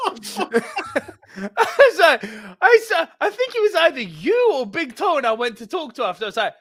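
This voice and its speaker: A man's voice: very high-pitched, big pitch swings, unhurried, pauses often, fairly bright tone, dry recording, clean studio sound. A man with a posh English accent, co-hosting a podcast and telling a swearing, laughing anecdote. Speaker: podcast co-host. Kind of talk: casual chat, storytelling.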